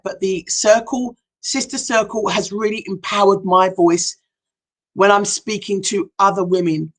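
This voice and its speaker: A woman's voice: mid-range voice, a bit bright. A middle-aged woman, a hypnotherapist and life coach, speaking earnestly and emphatically to viewers on a live stream, often asking them direct questions. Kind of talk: heartfelt motivational live talk.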